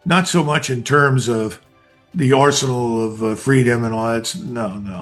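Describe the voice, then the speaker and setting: A man's voice: medium pitch, normal speed, fairly bright tone, soft background music. An older man, a retired army colonel, giving blunt, emphatic analysis in an interview, speaking in short declarative bursts.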